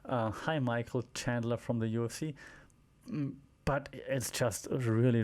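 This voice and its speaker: A man's voice: medium pitch, moderate pace, a little mellow. A man hosting a wrestling podcast, recapping shows in a casual, rambling way with many fillers, restarts and wry asides.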